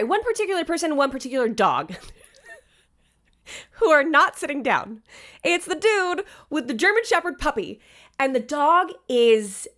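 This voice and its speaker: Woman, wedding planner, high bright voice, chatty storyteller aside-heavy vlog delivery.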